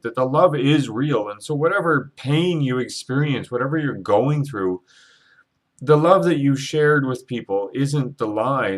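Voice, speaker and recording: A man's voice: medium pitch, fairly bright tone. Earnest, teary spiritual vlogger man. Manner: rambling, earnest, with swearing and many restarts. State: emotional, holding back tears. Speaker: Reiki practitioner and psychic vlogger. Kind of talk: emotional spiritual vlog monologue.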